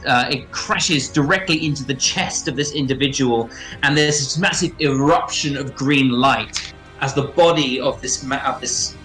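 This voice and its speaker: Halting male game master over faint music. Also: medium pitch, fairly bright tone, poor audio. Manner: halting, many fillers and restarts. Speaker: dungeon master. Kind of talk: narrating a tabletop game. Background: faint background music.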